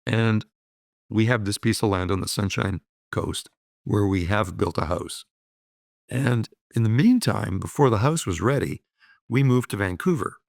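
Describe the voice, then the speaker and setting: A man in his sixties, a guest telling upbeat stories of his life in a relaxed conversational way, often adding "you know" and "right?". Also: lowish voice, a little slow, creaky, no room sound, studio quality. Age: 60s. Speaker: guest, business owner. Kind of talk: reflective conversational storytelling.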